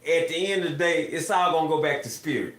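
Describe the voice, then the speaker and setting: A man's voice: fairly high pitch, fast talker. A man talking casually on a live stream, speaking in a preachy way about spirit and often backing up his co-host with murmured agreement. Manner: preachy, backs up the other speaker with steady mm-hmms. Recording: echoey room.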